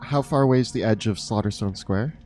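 A man's voice: fairly low pitch, a little fast, faint music behind. A man playing a tabletop game, chatting casually and laughing as he plays along. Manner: animated, laughing. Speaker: player. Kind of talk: casual game play chat.

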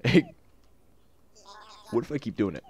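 A man's voice: on the low side, animated, moderate pace. A man commenting on a video game he plays, joking and mocking himself. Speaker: gamer.

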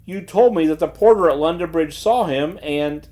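A man voicing an excitable middle-aged police superintendent who talks in raised, breathless bursts. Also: a little high, normal speed, pitched above the performer's own voice, lightly acted. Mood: astonished. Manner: gasping, raised and astonished.

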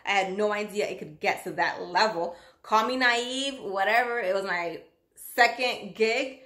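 A woman working as a nanny, telling her own story in a chatty, animated vlog style. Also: medium pitch. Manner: chatty and animated, acts out quotes. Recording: roomy echoey room.

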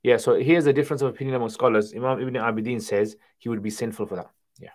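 Hosting an Islamic Q&A livestream, a fast-talking man with a mid-range voice reads viewer questions aloud and answers them in a relaxed, conversational way.

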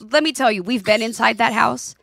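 A woman in her forties co-hosting a podcast, casual chat, telling lively anecdotes and acting out the voices in them. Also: fairly high pitch, a little fast, gravelly, no echo, clean studio sound. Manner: animated storyteller, acts out voices in anecdotes. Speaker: podcast co-host.

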